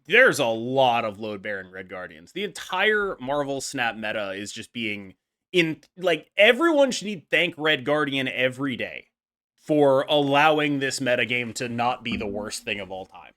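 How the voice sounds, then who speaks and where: A man hosting a casual gaming podcast, animated and jokey, laughing often. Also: mid-range voice, normal speed. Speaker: podcast host.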